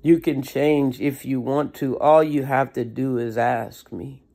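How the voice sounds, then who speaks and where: Speaker doing God within: deep, hushed, slow and patient, with a gravelly edge. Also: steady tone. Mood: gentle pleading.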